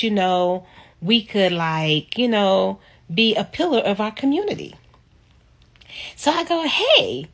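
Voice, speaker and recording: A woman casually telling a personal story on her video channel, reflective and lively when she quotes people. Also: mid-range voice. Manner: reflective, animated when quoting others.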